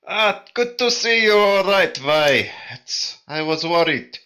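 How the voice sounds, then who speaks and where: A man's voice: sits high, lively intonation, slow, bright, forceful tone, voice pushed up, full character voice. A man voicing an earnest male adventurer who exclaims his points with fervor. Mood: warm. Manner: fervent, exclaiming.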